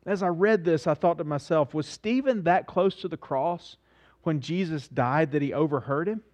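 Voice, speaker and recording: A man's voice: fairly high pitch, normal speed, a little mellow. A man preaching a sermon as pastor, speaking earnestly, asking his listeners questions and repeating phrases for emphasis.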